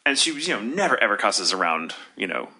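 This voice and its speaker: A man co-hosting a casual podcast chat, telling stories in an animated way and often breaking into laughter. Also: lowish voice, a little fast. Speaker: voice actor and co-host.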